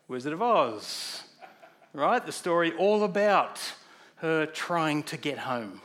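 A man's voice: fairly high pitch, very animated, slow, fairly bright tone. Conversational man preaching a sermon. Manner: conversational, asks the congregation questions.

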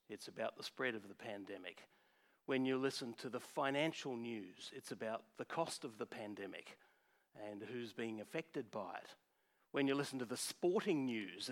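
Man preaching in a relaxed way. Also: medium pitch. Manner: conversational, with fillers and restarts. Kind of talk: sermon.

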